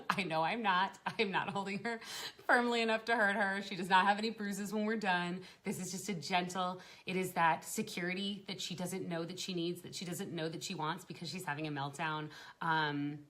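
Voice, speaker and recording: Young mom, lowish voice, casual live-stream talker, lots of fillers and laughs. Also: female voice, steady tone, moderate pace, fairly bright tone. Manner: chatty, laughs often, many fillers and restarts. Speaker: parenting group host.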